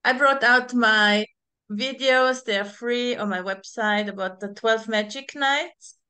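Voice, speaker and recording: Bright, clear-voiced woman interviewer. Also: a little high. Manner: halting, restarts while searching for words. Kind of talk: casual interview.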